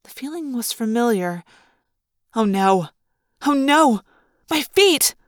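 A woman narrating a first-person story aloud as a fan audiobook reader, with a lively, expressive delivery. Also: fairly high pitch, slow, dry recording, clean studio sound.

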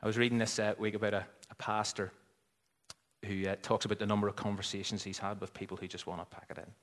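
A man preaching a sermon, swinging between loud emphatic lines and near whispers. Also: on the low side, flat delivery, quick pace, in a large hall. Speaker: pastor.

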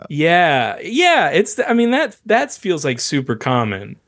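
A man co-hosting a casual comedy podcast, rambling and halting, with frequent laughs. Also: a little high, wildly swooping pitch, a bit bright, no echo, studio quality. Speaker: podcast co-host.

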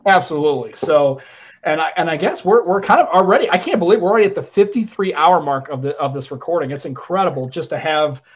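An American man hosts a casual tech podcast, talking quickly in a slightly high voice. He rambles with restarts and lets phrases fade quietly, and the audio is muffled and lo-fi. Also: husky. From United States. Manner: rambling, animated, trails off quietly at phrase ends. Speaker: podcast host.

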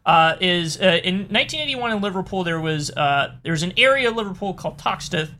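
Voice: medium pitch, animated, brisk, pushed and bright, slight background noise. A podcast co-host from the United States recapping a horror film in casual chat, rambling with lots of restarts and fillers.

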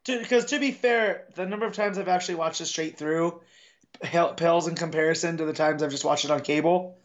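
An American man co-hosting a podcast, chatting casually about a film and sometimes bursting into excitement. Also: fairly high pitch, fairly quick. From United States. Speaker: podcast co-host. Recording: dull lo-fi mic.

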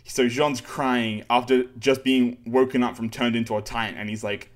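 Male co-host, mid-pitched, laid-back sarcastic recap, loose and chatty. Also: fairly even intonation, moderate pace, few pauses. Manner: laid-back, rambling recap with fillers, sarcastic asides and laughs. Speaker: podcast co-host recapping a manga. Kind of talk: casual chat.

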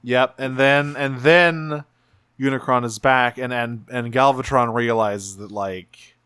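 A man's voice: medium pitch, fairly even intonation, slow, a bit bright, smooth, dry recording. Man, podcast co-host, loose rambling recap with restarts, dry close mic, mid-range voice. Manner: rambling, many restarts and fillers. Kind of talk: casual chat.

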